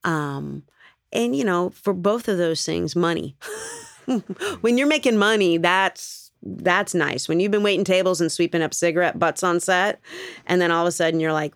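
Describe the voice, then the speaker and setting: A woman's voice: on the low side, normal speed, no echo, clean studio sound. A woman, an actress, answering interview questions in a chatty, rambling way and laughing often.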